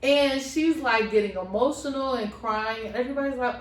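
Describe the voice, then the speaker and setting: A woman's voice: fairly high pitch, normal speed, distant mic. Chatty woman recapping, echoey room. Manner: animated, gossipy, acts out other people's lines. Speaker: co-host of a couple's reaction channel. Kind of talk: casual reality-show recap chat. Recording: echoey room, voice a bit off-mic.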